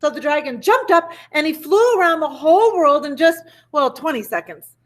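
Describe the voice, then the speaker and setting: Animated woman reading a storybook aloud. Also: high voice, moderate pace. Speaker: elementary school teacher. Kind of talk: reading a picture book aloud.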